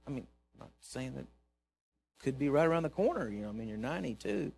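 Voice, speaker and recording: A man, a pastor preaching a sermon in church, telling a story and swinging from hushed asides to loud exhortation. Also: mid-range voice, expressive, fast talker, creaky, husky.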